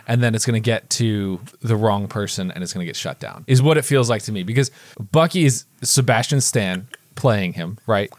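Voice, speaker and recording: A man co-hosting a casual chat, rambling and animated, with quick asides and restarts. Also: fairly low pitch, dry recording. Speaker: podcast co-host.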